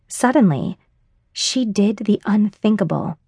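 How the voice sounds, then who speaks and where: A woman's voice: medium pitch, measured pace, no room sound, studio quality. A woman narrating a romance audiobook in the first person, wry and confiding. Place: dry studio booth. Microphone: close studio mic.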